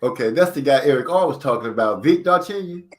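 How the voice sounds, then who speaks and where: A man's voice: medium pitch, lively intonation, fast talker. A man hosting a casual live boxing chat at a home mic. He talks loosely and jokes at his own expense. He breaks off now and then to read viewer comments. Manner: joking, self-deprecating, reads chat aloud. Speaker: channel host.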